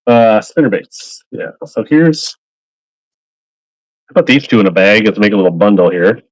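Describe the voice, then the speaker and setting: A man's voice: on the low side, lively intonation, moderate pace, no room sound. Upbeat man auctioning fishing lures. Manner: upbeat, rambling, greets buyers by name. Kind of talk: casual live-selling chat. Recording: slightly dull lo-fi stream audio.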